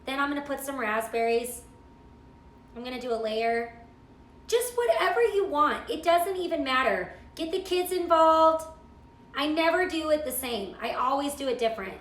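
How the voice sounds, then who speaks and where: A woman's voice: high-pitched, expressive, normal speed, fairly bright tone, echoey room, a little hiss or hum. A middle-aged woman hosting a live cooking stream, chatting and gushing while she reads viewer comments. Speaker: cooking show host.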